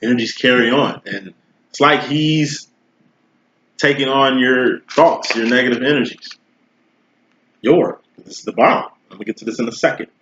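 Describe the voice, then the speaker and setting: Pausing often, a man with a mid-range, slightly bright voice speaks at a normal speed while giving a laid-back tarot reading. He talks right to the viewer, slangy and profane, in a roomy, dull lo-fi recording.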